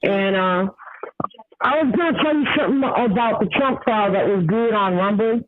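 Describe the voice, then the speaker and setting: High-pitched male caller over a thin phone line, halting with fillers. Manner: rambling, hesitant with many fillers. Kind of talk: call-in comment.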